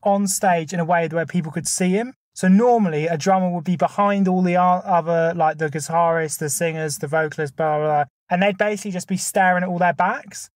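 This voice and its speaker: A man's voice: high-pitched, no echo, clean studio sound. A man, a podcast co-host, chatting casually and building an argument point by point. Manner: argumentative, lays out numbered points. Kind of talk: casual chat.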